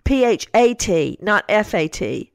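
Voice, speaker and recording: On a lively true-crime podcast, a middle-aged co-host tells stories, breaking into incredulous outbursts as she quotes her kids. She speaks a little slowly in a very animated, mid-range voice with vocal fry, recorded with studio quality and no room sound.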